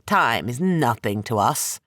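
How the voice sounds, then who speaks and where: A man voicing an ancient, menacing sorcerer with slow, heavy, rasping speech for an audiobook. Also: medium pitch, very animated, a bit bright, no echo, clean studio sound.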